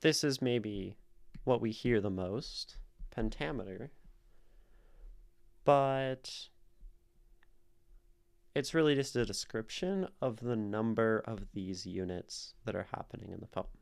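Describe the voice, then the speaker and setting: Unhurried man explaining poetic meter. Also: on the low side, gravelly. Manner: thinking aloud, sounding out stress patterns. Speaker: streamer analyzing poetry. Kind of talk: casual explanation on a live stream.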